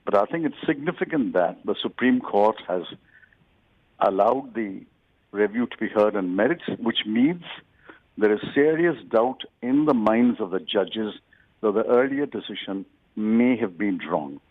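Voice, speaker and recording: An older man, a political guest, giving deliberate, lawyerly interview answers and stressing key words. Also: fairly low pitch, lively intonation, no echo. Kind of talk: measured televised interview answers. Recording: tinny phone-like line.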